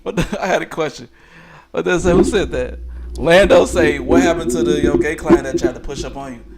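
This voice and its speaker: A man's voice: a little high, a little fast, gravelly, crowd noise. A young man streaming, telling a story to his viewers in casual street slang and laughing often. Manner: animated, laughs a lot, slangy street talk.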